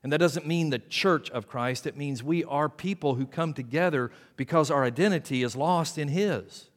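An older man preaching a sermon in a church, talking in a conversational way and dropping to quiet asides. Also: on the high side, normal speed. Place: church sanctuary. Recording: long hall reverb in a church.

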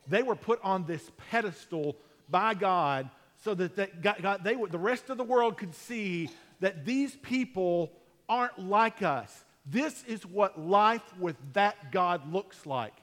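Emphatic high-voiced male preacher. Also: a bit bright, big-room sound. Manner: emphatic, repetitive, frequent restarts. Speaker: pastor. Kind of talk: sermon.

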